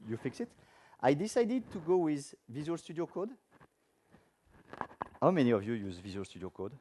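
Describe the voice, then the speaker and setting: A man's voice: medium pitch, mellow, a little hiss or hum. A man giving a technical conference talk with a live demo, speaking informally and asking the audience questions. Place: conference room before an audience.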